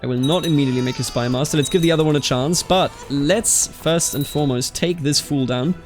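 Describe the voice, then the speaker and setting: Over soft music in the background, a man from Bavaria with a fairly high, slightly fast voice runs a strategy game let's play. He reads out game events and keeps the chat casual, breaking into exasperated outbursts. Animated throughout, he addresses people as "dude."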